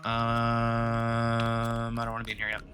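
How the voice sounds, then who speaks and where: Male streamer, mid-pitched, rambling let's-play chatter over game music. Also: completely flat delivery, takes it slowly. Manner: rambling, filler-heavy, joking. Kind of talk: casual let's-play commentary.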